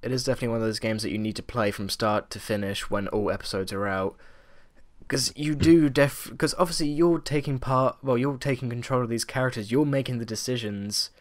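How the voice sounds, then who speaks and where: A man's voice: mid-range voice, a little fast, no echo, studio quality. Man asking interview questions. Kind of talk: casual interview.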